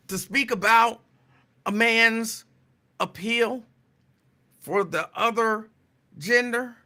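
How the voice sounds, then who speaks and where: A man hosting a loose, rambling talk stream in a high, very bright voice. He chats with viewers, drifts between topics and repeats lines to drive a point home. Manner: chatty, digressive, answers chat comments; repeats phrases for emphasis. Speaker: talk show host. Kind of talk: casual live-stream talk.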